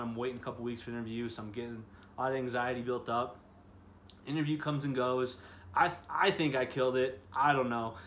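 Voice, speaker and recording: A man's voice: medium pitch, a bit bright, a little hiss or hum. A man in his twenties speaking in an earnest, chatty way to students, telling a personal story in a casual devotional talk. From Chicago area, US. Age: 20s. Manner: earnest, chatty, full of "you know" and "like". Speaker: youth ministry speaker.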